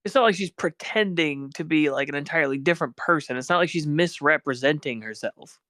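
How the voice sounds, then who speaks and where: A man in a casual commentary chat, speaking in a measured, hedging way. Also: on the high side, fairly bright tone, no room sound, studio quality.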